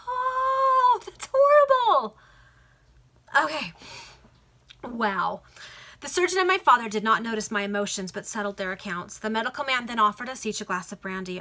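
A woman's voice: medium pitch, pushed and bright. Woman, earnest read-aloud of a Victorian novel, video call mic, small self-corrections. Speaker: reader.

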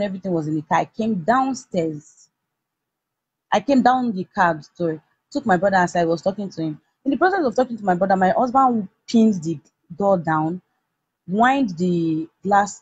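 Husky Nigerian woman telling a heated story. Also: lowish voice, lively intonation, normal speed, dry recording. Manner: heated, emotional retelling with many restarts. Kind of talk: personal storytelling. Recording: dull lo-fi recording.

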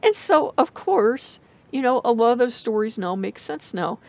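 A woman with a rural American country accent, rambling and animated in a casual spiritual vlog, laughing often. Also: fairly high pitch, moderate pace. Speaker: channel host. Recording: dull lo-fi recording.

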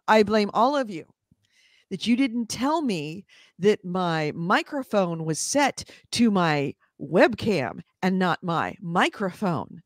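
A woman co-hosting a casual podcast chat, talking in an animated, mock-outraged way. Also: mid-range voice, slow, no room sound, studio quality. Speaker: podcast co-host.

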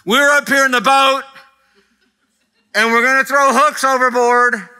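A man voicing an overeager fisherman who loudly announces his plans to the fish. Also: very high voice, fairly even intonation, measured pace, clean tone, voice pushed up, full character voice. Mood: announcing. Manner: loud, jokey announcement.

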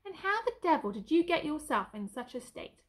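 A woman voicing a kind young soldier who talks softly and coaxingly to a horse. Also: high voice, sing-song, brisk. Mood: gentle. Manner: soft, coaxing.

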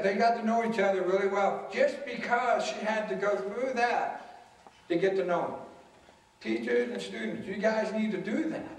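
A male motivational speaker giving an anti-bullying talk to students, addressing them directly and acting out the voices he quotes. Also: high-pitched. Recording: echoey hall from far off.

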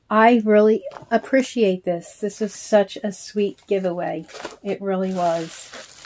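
Older grandmother vlogger, chatty and gushing, recorded on a phone at home. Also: mid-range voice. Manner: gushing, warm-hearted, with filler ums. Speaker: reborn doll collector vlogger. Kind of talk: casual chat to camera. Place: small bedroom at home. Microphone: handheld phone.

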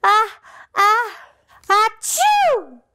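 A woman's voice: very high-pitched, lively intonation, slow pace, pitched above the performer's own voice, exaggerated voice. A woman voicing a showy juggling male bear in a children's storybook reading, exclaiming playfully. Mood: delighted.

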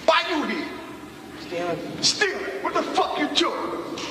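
A man's voice: very high-pitched, sing-song, unhurried, full character voice. A man acting out a crude, threatening male prison inmate who growls coarse threats. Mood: aggressive. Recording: loud background noise.

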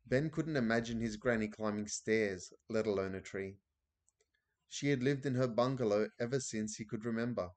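A man's voice: on the low side, moderate pace, a little mellow. A man reading a children's book aloud in a casual way, with occasional slips and restarts. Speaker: reader.

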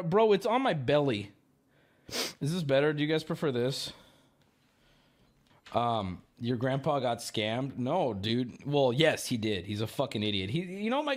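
A man hosting a live stream, venting at his viewers with swearing and sarcasm. His voice sits fairly high and leaps all over the place. He keeps wandering off into rambling stories. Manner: profane, ranting and sarcastic, trails into rambling stories. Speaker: livestream host. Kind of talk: casual rambling chat to a live audience.

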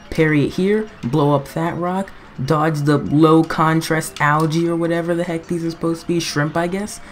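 Woman with a low voice rambling thru a game, jokes at herself, yelps a lot, faint hum behind. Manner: rambling, self-mocking, bursts into frantic yelps. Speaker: gaming commentator. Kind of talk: gameplay commentary.

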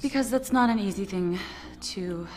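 A woman speaking earnestly and haltingly in a casual interview. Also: medium pitch, a little mellow, faint music behind. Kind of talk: casual chat.

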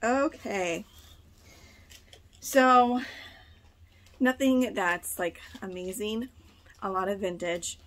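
Seated indoors at home and recorded on a camera mic, a young part-time online reseller films a casual thrift haul vlog while heavily pregnant and a little short of breath. She speaks at medium pitch, chatty and thinking out loud, leaning heavily on "like" and "uh."

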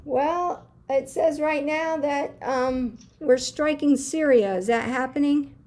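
A woman's voice: high-pitched, slow pace, background noise. A woman co-hosting a talk show, asking brief questions and giving short replies. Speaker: co-host. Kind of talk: call-in talk show chat.

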